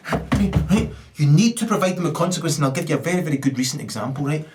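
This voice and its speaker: A Scottish man delivering a profane stand-up rant, swinging between muttered asides and loud outbursts. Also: a little high, lively intonation, fast, a little hiss or hum. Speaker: stand-up comedian.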